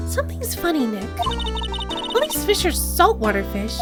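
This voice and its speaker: A woman's voice: extremely high pitch, huge pitch swings, a little slow, loud music behind the voice, pitched above the performer's own voice, heavily acted. A woman voicing a curious, eager young sidekick in a video game.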